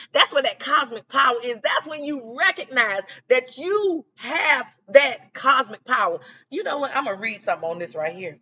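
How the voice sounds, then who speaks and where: A woman's voice: sits high, bright, forceful tone, breathy edge, dull audio. A woman giving a casual, encouraging spiritual pep talk, often checking in with "okay?" and "you know what I'm saying?". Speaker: spiritual guidance creator.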